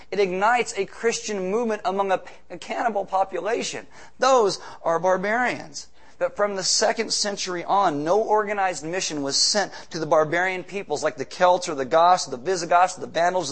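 A man preaching a sermon on stage, animated, with joking asides and shouts for emphasis. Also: fairly high pitch. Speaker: pastor. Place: church stage with slides.

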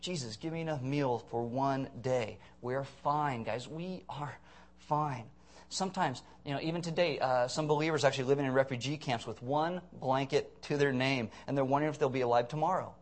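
A man's voice: medium pitch, fairly quick. A man preaching a conversational sermon, earnest with blunt, sarcastic asides.

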